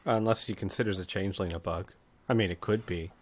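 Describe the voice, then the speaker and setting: A man playing a tabletop role-playing game, making quick, low-key remarks for his character. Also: slight background noise. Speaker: player. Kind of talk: casual tabletop game talk.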